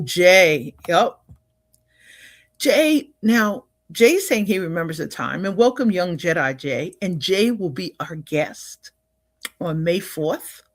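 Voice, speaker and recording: A woman's voice: fairly low pitch, no room sound, clean studio sound. An older woman hosting a livestream in a casual, upbeat way, often laughing and greeting viewers by name. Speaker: livestream host.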